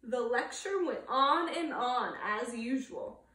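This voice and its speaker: Woman preschool teacher, expressive storybook reader; slow, unhurried delivery, roomy echo. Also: on the high side, distant mic. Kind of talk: reading a storybook aloud to children.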